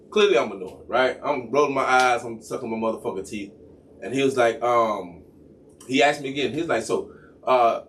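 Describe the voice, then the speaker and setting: A man spinning a profane story in casual chat, his pitch leaping high and low as he plays every part. He sits some way off the mic, with a faint hum of room noise behind him. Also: distant mic. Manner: animated, profane, acts out both sides of a story. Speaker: podcast co-host.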